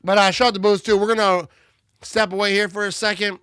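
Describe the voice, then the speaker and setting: A man's voice: high voice, flat delivery, fast talker, clean tone, dry recording, studio quality. A man hosting a live watch party, joking and calling plays, a bit tipsy. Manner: loud, joking play-by-play banter. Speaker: livestream host.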